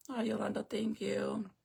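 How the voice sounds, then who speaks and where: A woman's voice: mid-range voice, creaky, darkish tone, slightly rough. A woman in her thirties chatting casually on a livestream to her viewers, emotional and close to tears. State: tearful. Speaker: livestream host.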